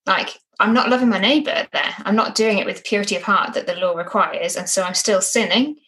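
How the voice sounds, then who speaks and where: A woman's voice: medium pitch, brisk, pushed and bright, low-quality recording. A woman co-hosting a casual Bible study discussion, earnest and reflective, often ending points with tag questions. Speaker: co-host discussing a Bible passage.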